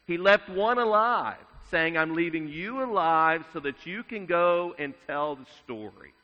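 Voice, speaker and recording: A man preaching a sermon in a measured way, dropping his voice to a hush at solemn moments. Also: on the high side. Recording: dull sound with long reverb in a large hall.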